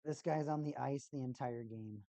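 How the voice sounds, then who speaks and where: A woman's voice: a bass voice, normal speed, dark tone, dry recording. A woman streamer giving casual play-by-play and exasperated fan commentary on a hockey game.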